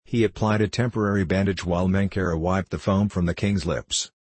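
A man reading a story aloud as an audiobook narrator, in a steady, even storytelling manner. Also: deep voice, fairly quick, breathy edge, dry recording, poor audio. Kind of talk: scripted narration.

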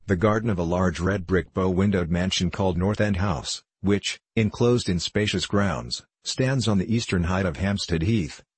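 A man narrating an audiobook in a measured, steady way. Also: low-pitched, husky, dry recording.

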